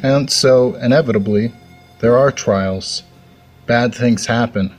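A man's voice: mid-range voice, takes it slowly, soft background music. A man hosting a fiction podcast, speaking in a reflective way after a story. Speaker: podcast host. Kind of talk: reflective outro commentary.

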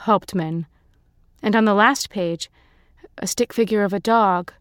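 A woman reading a short story aloud in measured scripted narration, lightly voicing the characters. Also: medium pitch, dry recording. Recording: dry close-mic studio sound.

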